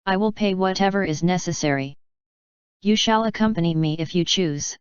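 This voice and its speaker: A woman reading as a quiet, earnest ex-convict. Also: clear, resonant tone, no echo, dull audio, natural voice. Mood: pleading. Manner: low, hurried and earnest. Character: humble older male ex-convict, pleading quietly.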